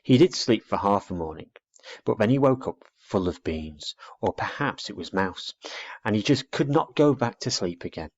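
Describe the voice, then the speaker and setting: Male storybook narrator, lowish voice, animated read-aloud, dull lo-fi audio. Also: moderate pace. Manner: expressive, lively read-aloud. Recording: dull lo-fi recording.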